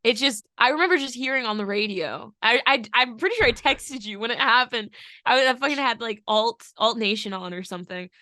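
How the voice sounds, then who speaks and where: A woman co-hosting a music podcast in casual chat, animated, laughing often and swearing freely. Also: on the high side, fairly quick, no echo, clean studio sound. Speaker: podcast co-host.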